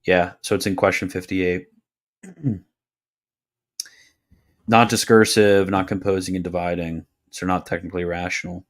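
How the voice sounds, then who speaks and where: A young man with a low voice hosts a livestream, casually answering chat questions. His replies are offhand and deadpan, sprinkled with quick jokes.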